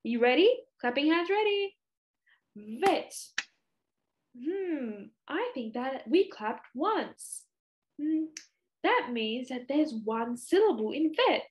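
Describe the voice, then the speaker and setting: A young Australian woman leading a children's lesson, speaking in a slow, exaggerated sing-song way for little ones. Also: high voice, very animated, lo-fi sound. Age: young adult. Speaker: speech clinic presenter.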